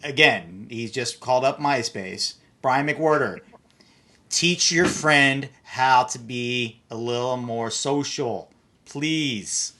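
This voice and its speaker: Bright, teasing man host. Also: medium pitch, takes it slowly. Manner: teasing, jokey. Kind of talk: casual chat.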